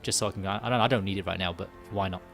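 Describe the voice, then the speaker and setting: A man's voice: sits low, steady tone, racing, vocal fry, fairly bright tone, soft background music. A man streaming a mobile game live, thinking aloud as he manages his characters and often correcting himself. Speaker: gaming streamer. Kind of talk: casual live-stream commentary while playing.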